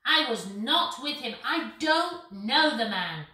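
A woman's voice: on the high side, very animated, slow, very echoey, heavy background noise. A woman voicing a frightened man who denies his friend, with flustered, dismissive denials. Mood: defensive.

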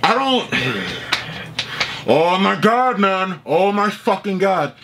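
High-pitched man in a profane rant. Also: lively intonation, takes it slowly, heavy background noise. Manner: heated, profane, reads messages aloud. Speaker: online streamer. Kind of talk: angry reaction rant.

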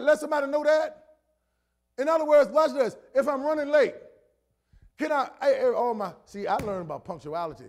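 Middle-aged male pastor with a very high voice, conversational sermon that repeats lines and rises to shouts. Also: gravelly. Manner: preaches conversationally, repeating phrases for emphasis; builds to shouted emphasis.

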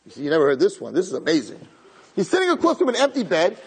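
Animated rabbi telling a story in a hall. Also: male voice, high voice, fast, slightly rough. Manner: animated storyteller, repeats words, rises to shouts at the climax. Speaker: rabbi giving a Torah class. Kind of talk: storytelling Torah lecture. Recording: hall reverb.

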